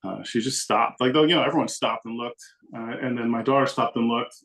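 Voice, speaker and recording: A man's voice: mid-range voice, a little fast. A middle-aged man, a podcast guest, casually telling a rambling, self-deprecating story. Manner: rambling, self-deprecating, animated when quoting.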